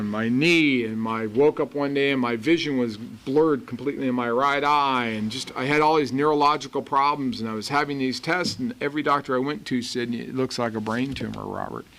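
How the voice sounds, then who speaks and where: A man from Los Angeles giving a personal recovery testimony, telling his story in an earnest, animated way and acting out the voices of people he quotes. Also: medium pitch, fairly quick. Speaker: recovery meeting speaker.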